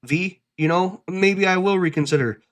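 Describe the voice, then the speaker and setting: A man's voice: sits high, moderate pace, pitched above the performer's own voice, natural voice. A man sarcastically voicing a cold, calculating woman leader. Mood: sarcastic. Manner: mocking, sarcastic.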